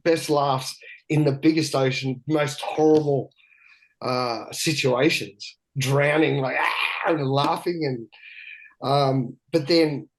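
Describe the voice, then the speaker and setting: A man's voice: medium pitch, rough recording. A man, a guest telling candid stories in a rambling, profane way with many restarts. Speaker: guest, big-wave surfer. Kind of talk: candid storytelling chat.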